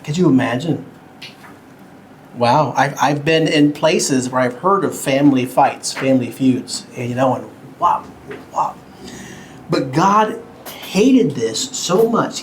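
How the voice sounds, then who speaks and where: A man teaching a Bible lesson to children at home, talking slowly and simply, a bit cartoonish, and asking the kids questions. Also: mid-range voice, a little hiss or hum, rough recording.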